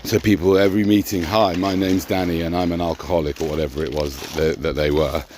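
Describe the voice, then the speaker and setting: Deep-voiced male co-host, halting and repetitive, faint background noise. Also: steady tone. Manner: hesitant, repeats words and restarts often. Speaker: co-host of a personal growth talk. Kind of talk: reflective casual conversation.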